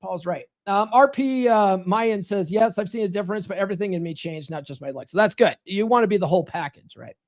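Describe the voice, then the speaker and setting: High-voiced profane podcast host. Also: male voice, quick pace, few pauses. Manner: profane, rambling, animated storytelling. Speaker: podcast host and dating coach. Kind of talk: casual livestream chat, reading viewer comments. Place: home studio.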